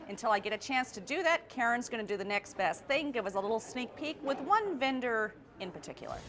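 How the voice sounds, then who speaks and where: A woman's voice: a little high, animated, fairly quick, fairly bright tone, a little hiss or hum. A woman hosting a local lifestyle TV show on location, upbeat and chatty. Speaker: TV host.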